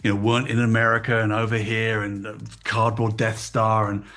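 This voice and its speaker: A middle-aged man from England, a guest in an interview, telling animated, emotional stories about his past in casual chat. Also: on the low side, brisk. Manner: animated storytelling, emotional, self-deprecating. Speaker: guest, toy designer.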